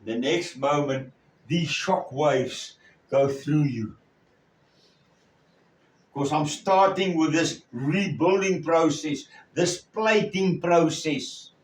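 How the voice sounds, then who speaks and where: A man preaching a sermon as a story, with a slow, halting delivery and many pauses. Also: a little high, slight background noise. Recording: echoey room, far from the mic.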